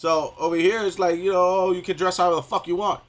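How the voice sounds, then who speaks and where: A male streamer delivering a rambling, profane rant live, constantly repeating filler phrases and getting loud and heated at times. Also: sits high, flat delivery, fast talker. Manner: profane, rambling, repeats "you know what I mean".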